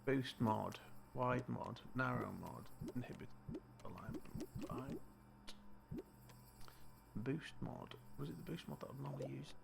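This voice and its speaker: A man's voice: medium pitch, animated, measured pace, vocal fry, long pauses, noisy background. A British man streaming a game live, talking to himself in a casual, muttering way as he plays. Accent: British English. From Britain. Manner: muttering to himself while playing.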